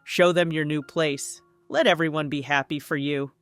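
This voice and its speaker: A woman's voice: sits low, steady tone, normal speed, no echo, faint music behind, pitched below the performer's own voice, close to an everyday voice. A woman voicing a middle-aged mother who presses and pleads in a guilt-tripping tone, in a story reading. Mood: pressing.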